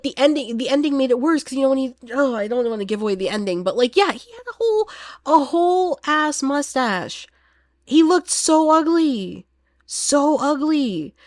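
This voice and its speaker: A woman giving a casual, animated vlog review as a horror film reviewer, chatty and laughing often. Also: high-pitched, no room sound, studio quality.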